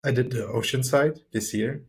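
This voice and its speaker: A man's voice: medium pitch, normal speed, creaky, slightly rough. A man guest on a podcast describing his first triathlon in a plain, matter-of-fact way. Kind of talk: casual podcast chat.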